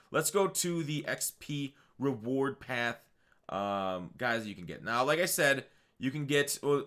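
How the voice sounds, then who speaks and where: A man's voice: medium pitch, a bit bright. Rambling male gaming commentator. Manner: rambling, many fillers and self-corrections. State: hiccuping. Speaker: gaming channel host. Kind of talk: casual video game commentary.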